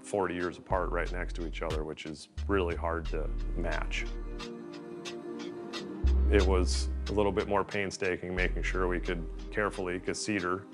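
A man with a very deep, flat voice explains construction work in a steady, matter-of-fact interview. His pitch stays low and barely moves, and music plays behind him. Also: moderate pace. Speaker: builder. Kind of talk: interview talk.

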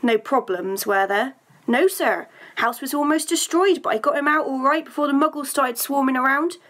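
A woman reading aloud and voicing a huge, gruff, soft-hearted male giant groundskeeper who stammers when upset, in a storybook reading. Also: high-pitched, moderate pace. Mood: gentle.

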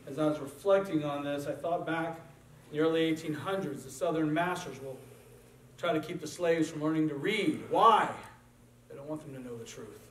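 A man's voice: fairly high pitch, moderate pace, fairly bright tone, a little hiss or hum. A male pastor preaching a sermon in a church sanctuary, talking in an earnest, conversational way. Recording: echoey church from far off.

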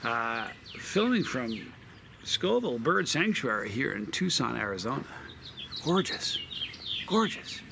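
A man's voice: mid-range voice, sing-song, moderate pace, creaky, noisy background. A man reviewing hot sauce outdoors, talking in a rambling, chatty way with lots of fillers. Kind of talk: casual outdoor video review. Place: outdoors in a desert backyard with birds.

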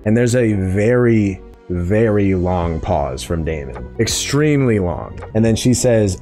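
A man hosting a podcast, chatting in an excitable, casual way as he breaks down a TV episode. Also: lowish voice, normal speed, faint music behind. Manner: chatty, excitable, acts out quoted lines. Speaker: podcast host.

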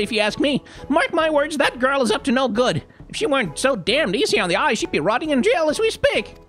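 Man putting on a sore-loser pit fighter, gruff, indignant, animated. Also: very high-pitched, voice pushed up, exaggerated voice. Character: foul-mouthed bigoted male brawler, sore loser.

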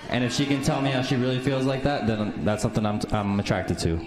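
A man competing on a live dating show, speaking calmly and directly. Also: mid-range voice, fast. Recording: echoey stage with loud crowd noise.

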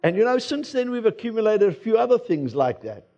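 South African pastor preaching, higher voice. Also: male voice, sing-song, a little fast, mellow, highs cut off. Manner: conversational preaching with personal anecdotes. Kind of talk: sermon. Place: church sanctuary.

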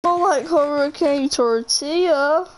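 A woman's voice: high-pitched, slow pace, a crowd in the background. A young woman chatting casually as she streams a game, giggling and swearing freely. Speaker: live streamer. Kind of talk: casual gaming stream chat.

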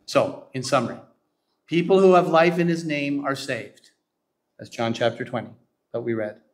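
A man preaching a sermon, often checking that the congregation agrees and slowing down to read scripture aloud. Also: mid-range voice. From Canada. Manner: emphatic, asks the congregation to agree; slows down to quote scripture. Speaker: pastor.

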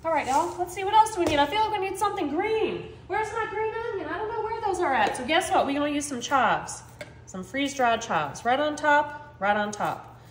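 A woman's voice: sits high, lively intonation, brisk, slight background noise. A woman chatting upbeat to her viewers while she cooks at home, talking straight to the camera. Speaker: home cooking vlogger. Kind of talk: casual cooking demonstration. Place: home kitchen. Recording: echoey kitchen room.

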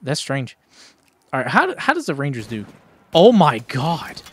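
A young man giving casual, rambling commentary while playing a zombie shooter, breaking into sudden excited outbursts, talking into a headset at home. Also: on the high side, normal speed, slightly rough. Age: young adult. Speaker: gaming YouTuber. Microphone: gaming headset.

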